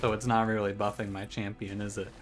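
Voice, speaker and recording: Playing a video game at home in a room by a window, a man gives joking, wry commentary laced with mock trash-talk. He speaks fast in a lowish, flat delivery, with game music in the background.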